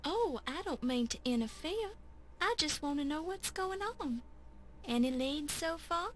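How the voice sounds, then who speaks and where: A woman's voice: sits high, expressive, a little slow. An actress playing a confident, plucky young woman amateur detective in an adventure game. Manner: bright and confident. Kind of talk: 1990s adventure game voice acting.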